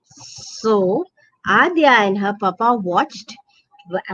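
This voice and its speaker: A woman's voice: on the high side, no echo, dull audio. A woman narrating a children's bedtime story, playfully imitating animal sounds.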